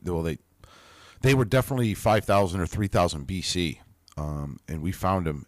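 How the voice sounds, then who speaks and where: Very low-voiced man, chatty asides. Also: dry recording. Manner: casual, chatty asides with mild swearing. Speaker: podcast host reading aloud. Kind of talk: reading a text with casual commentary.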